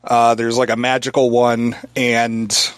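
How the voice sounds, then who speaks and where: A man's voice: mid-range voice, monotone, slow, smooth, no echo, clean studio sound. A man in his thirties, a podcast guest explaining a game in a loose, rambling way full of "like" and "uh". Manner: rambling, filler-heavy explanation. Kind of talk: casual podcast chat.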